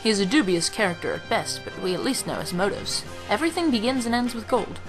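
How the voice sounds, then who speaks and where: A woman's voice: medium pitch, sing-song, fast, over music, natural voice, rough recording. A woman voicing a cold, calculating tactician.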